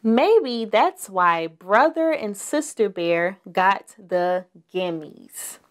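A woman's voice: mid-range voice, big pitch swings, extremely slow. A woman reading a picture book aloud to young children, stopping to ask them questions. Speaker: children's storyteller.

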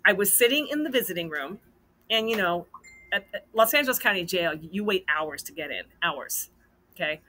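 A woman hosting a casual storytelling vlog, animated and acting out the dialogue in her story. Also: lowish voice, moderate pace, slight background noise. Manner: animated, acts out quoted dialogue. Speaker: host.

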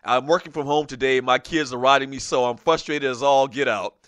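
A man's voice: medium pitch, brisk, no room sound. A middle-aged man from South Carolina with a light Gullah Geechee accent, hosting a casual sports talk show and joking as he reads viewer comments. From South Carolina low country near Charleston. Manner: animated, joking, laughs often. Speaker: show host. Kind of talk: casual sports talk, reading live chat.

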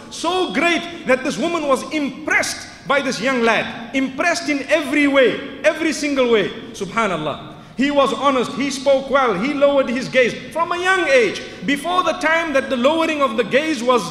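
A man's voice: very high-pitched, a bit bright. A man preaching in a mosque, telling stories with rhetorical questions and rising to emphatic outbursts. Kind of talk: lecture in a mosque. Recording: echoey hall with long reverb.

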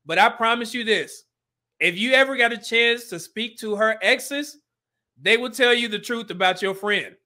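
A man hosts a livestream and comments on clips in a blunt, preachy way, laughing now and then. His voice sits high. It has a bright, forceful edge. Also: normal speed. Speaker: livestream host.

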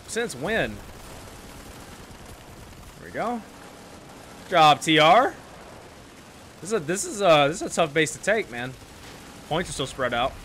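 A man's voice: medium pitch, slight background noise. A man giving casual, joking commentary over his own game footage. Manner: chatty, joking, loud outbursts. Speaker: gaming YouTuber.

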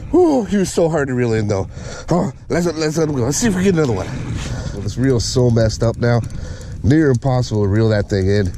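A man giving casual fishing commentary from a boat on a lake, excitable and whooping when a fish bites. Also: mid-range voice, a little fast. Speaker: fishing vlogger. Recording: noisy outdoor lake ambience.

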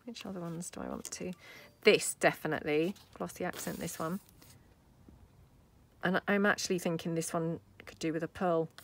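A woman's voice: lowish voice, vocal fry. A woman hosting a crafting tutorial, chatting casually and thinking aloud as she works at a craft table. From United Kingdom. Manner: chatty, thinking aloud while working, soft asides. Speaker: craft video host.

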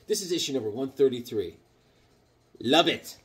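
A man's voice: mid-range voice, animated, normal speed. A middle-aged man chatting casually about his comic book finds, rambling and joking with silly voices in his stories. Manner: rambling, jokey, puts on silly voices in anecdotes. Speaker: comic book collector vlogger. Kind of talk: casual show-and-tell chat.

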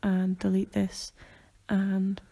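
A woman's voice: mid-range voice, completely flat delivery, takes it slowly, creaky, warm tone. A young Northern Irish woman co-hosting a podcast in casual, chatty talk, laughing often. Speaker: podcast co-host. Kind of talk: casual chat.

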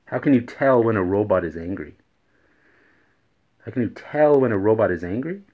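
A man's voice: lowish voice, animated, moderate pace. A man hosting a daily joke vlog who repeats each riddle and laughs at his own punchlines. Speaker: host. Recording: dull lo-fi recording.

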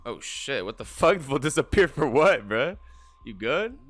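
Lively, profane young man reacting. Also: mid-range voice, unhurried, dry recording. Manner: animated, profane, laughs often. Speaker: anime reaction streamer. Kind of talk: live reaction commentary.

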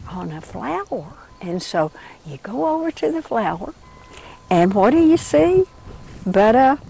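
A woman leading children through an interactive insect story, telling them how to move and what to say, slowing and hushing for the gentle parts. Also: mid-range voice, a little hiss or hum. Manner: animated, slows and drops to a hush for gentle moments.

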